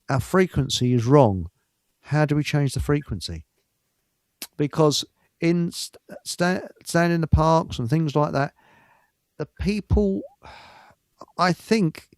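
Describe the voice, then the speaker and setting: Older bloke rambling through a story, stumbles a lot, slightly high voice, dry close sound. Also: male voice, no room sound. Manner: rambling, stammering restarts, chuckles often. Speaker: show host. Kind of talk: casual storytelling on a live stream.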